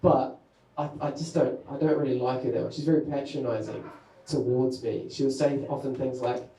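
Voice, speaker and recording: Rambling New comedian, mellow voice. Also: male voice, mid-range voice, fairly even intonation, normal speed. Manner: rambling, self-mocking storytelling. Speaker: stand-up comedian. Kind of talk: stand-up comedy set. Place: comedy venue with an audience. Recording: echoey room.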